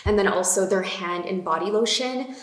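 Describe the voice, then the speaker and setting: A woman's voice: mid-range voice, moderate pace. A young woman gushing about beauty products in a casual vlog, with lots of fillers. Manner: bubbly, gushing, many fillers. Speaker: beauty vlogger. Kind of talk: casual chatty product talk. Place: home room. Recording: echoey room.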